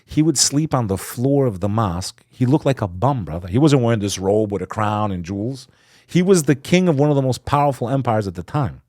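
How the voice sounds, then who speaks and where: A man as a podcast guest, telling a story with fervor, swinging between loud emphasis and hushed asides. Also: mid-range voice, animated, brisk, dry recording, clean studio sound. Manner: acts out quoted speech. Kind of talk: impassioned storytelling in conversation.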